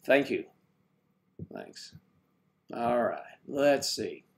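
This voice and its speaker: A man's voice: medium pitch, sing-song, very slow, vocal fry. Rambling man hosting a live chat. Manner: rambling, joking, greets viewers and reads their comments aloud. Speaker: live stream host.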